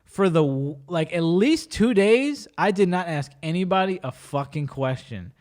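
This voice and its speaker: In a laid-back podcast conversation, the male host leans on slang and frequently interrupts himself to begin again. His voice is pitched a bit higher than most men's, and he shares anecdotes with lively, animated energy.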